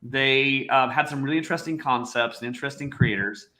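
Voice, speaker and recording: A man who is a guest on a casual video-call podcast, speaking in a measured, thoughtful way. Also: medium pitch, bright, forceful tone. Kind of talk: casual comic-book chat. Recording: echoey room.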